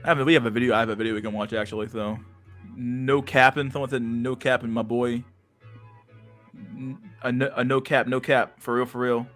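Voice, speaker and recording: A man's voice: medium pitch, little pitch movement, fast, fairly bright tone, faint music behind. A man hosting a casual livestream chat, rambling and crude, packed with internet slang. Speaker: livestream host.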